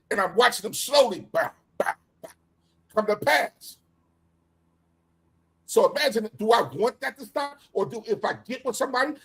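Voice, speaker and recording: A man's voice: sits high, a bit bright, slightly rough. A middle-aged man in casual scripture discussion, talking in an emphatic, preacher-like way. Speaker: co-host.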